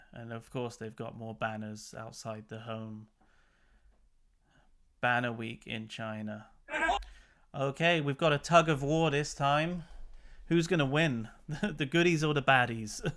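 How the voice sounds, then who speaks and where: A man's voice: mid-range voice, a bit bright, clear, resonant tone. A man hosting a channel, chatting casually and with exasperation as he comments on news clips. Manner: chatty and exasperated, laughs between remarks. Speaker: channel host.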